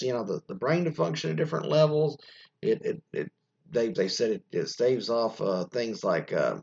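An American man talks in a loose, opinionated podcast style, stumbling over restarts and fillers as he reads out news and wanders off on tangents. His voice is husky and sits at an ordinary pitch. The recording sounds dull and lo-fi. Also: a little mellow. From United States. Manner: rambling, frequent restarts and fillers, reads news aloud then riffs. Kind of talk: casual opinionated commentary.

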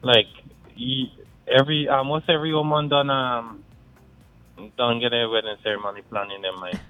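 A man's voice: mid-range voice, fairly even intonation, moderate pace, faint music behind. Man with a Guyanese accent on a phone line. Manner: blunt, rambling, creole-tinged phrasing. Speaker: caller. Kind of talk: casual call-in chat.

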